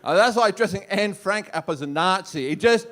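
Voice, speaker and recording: A man's voice: high-pitched, animated, normal speed, fairly bright tone. A man with an Australian accent doing a brash, swearing stand-up routine on a comedy club stage. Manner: brash, swearing, punchy delivery.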